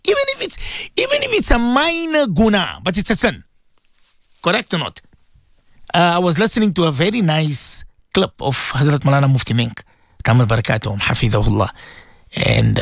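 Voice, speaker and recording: A man's voice: on the high side, slightly rough, no room sound, clean studio sound. A man giving a radio sermon as a preacher and host, emphatic, repeating his phrases and asking rhetorical questions.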